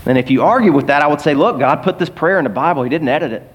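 A male pastor preaching in a church. His voice sits a little high for a man, and he talks in an animated, conversational way, turning to people in the pews. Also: very fast, breathy edge, long reverb tail. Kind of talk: sermon.

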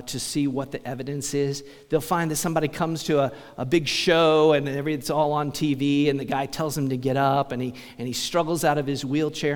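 A man preaching a sermon as pastor, talking conversationally and asking the congregation rhetorical questions. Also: a little high. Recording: long church reverb.

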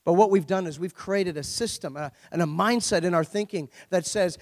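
A man's voice: sits high, normal speed, few pauses. A middle-aged man preaching a sermon as pastor, conversational and joking, full of rhetorical questions. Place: church. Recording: long church hall reverb.

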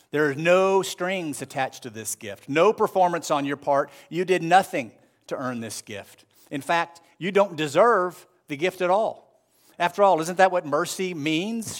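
A male pastor delivering a sermon with a slightly high, clear voice. He speaks earnestly and at a measured pace, stretching out key phrases for weight. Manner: earnest, measured preaching with slow emphatic phrases.

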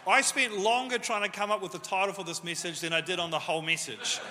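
High, bright-voiced male pastor preaching. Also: steady tone, fast talker. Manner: jokey, self-deprecating, conversational. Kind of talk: sermon. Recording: echoey hall reverb.

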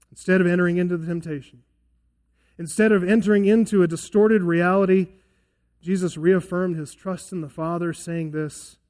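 A male pastor delivers a sermon in an earnest, emphatic way, his voice sitting a little higher than most men's. As he prays he drops to a hushed, soft tone, slowing and quieting his words. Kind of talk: sermon and closing prayer.

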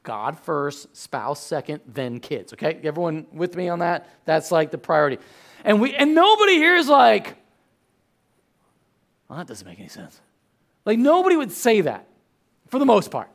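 A man in his thirties giving a sermon as a pastor, chatty and animated, telling stories with sudden loud outbursts. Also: high voice, moderate pace.

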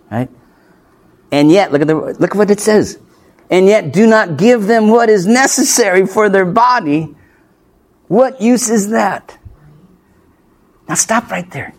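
Slow and expressive, a high-voiced male pastor pauses often as he preaches an expository sermon. He hits his points emphatically, asks rhetorical questions, and adds playful asides punctuated by light laughs.

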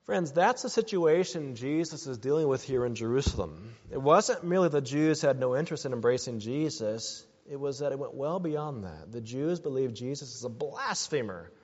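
A man's voice: medium pitch, lively intonation, normal speed, hardly any pauses, darkish tone. A man preaching a sermon as pastor, earnest and building to emphatic exhortations. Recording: dull sound with long hall reverb.

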